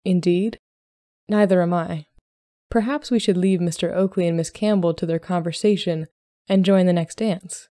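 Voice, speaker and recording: A woman's voice: lowish voice, fairly even intonation, normal speed, mellow, no room sound, clean studio sound, natural voice. A woman voicing a composed young Regency-era lady matchmaker, speaking mildly and politely. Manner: mild, poised and polite.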